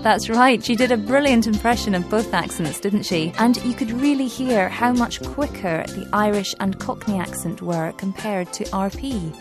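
A woman presenting a language-learning programme, explaining points clearly and in a friendly way from a script. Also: mid-range voice, moderate pace, few pauses, music in the background.

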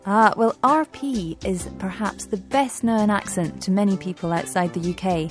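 A woman presenting a language-learning programme, explaining points clearly and in a friendly way from a script. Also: mid-range voice, moderate pace, soft background music.

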